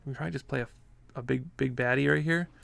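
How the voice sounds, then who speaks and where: A man's voice: medium pitch, fast talker, creaky, fairly bright tone, no room sound. A man giving live commentary on his own card game play, chatty and easily flustered, laughing often. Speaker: gaming content creator.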